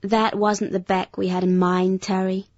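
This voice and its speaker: A man voicing a slow, dreamy woman singer. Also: sits high, monotone, dry recording. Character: American female pop singer, dreamy and high on ecstasy. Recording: dull lo-fi audiobook.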